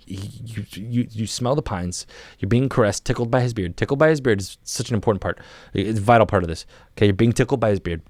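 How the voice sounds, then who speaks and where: A young man with a low voice leads a joking guided meditation, soft and drawn-out, stumbling and restarting as he builds the scene. The sound is close and dry, with no room behind him. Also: no echo. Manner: soft, drawn-out, playful imagery with frequent restarts. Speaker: podcast guest. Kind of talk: comic mock guided meditation.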